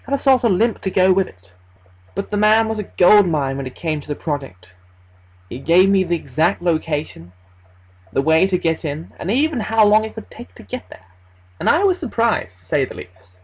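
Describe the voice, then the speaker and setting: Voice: mid-range voice, lively intonation, moderate pace, breathy edge, poor audio. A narrator telling a first-person horror story in a casual, conversational way, swearing freely as they go. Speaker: creepypasta narrator.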